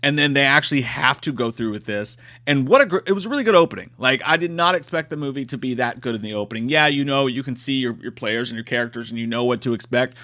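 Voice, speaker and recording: A man giving a comedic movie review in a profane, animated way, acting out quotes. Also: mid-range voice, quick pace, hardly any pauses.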